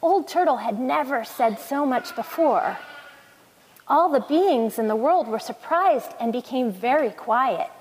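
A woman narrating a storybook, reading in a slow, soothing and expressive way. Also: high voice, slight background noise. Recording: long hall reverb.

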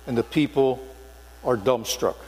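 A man's voice: medium pitch, measured pace, a little mellow. An older man, a former police sergeant, preaching a sermon in a church sanctuary with earnest storytelling and emphatic stresses. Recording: long hall reverb with mains hum.

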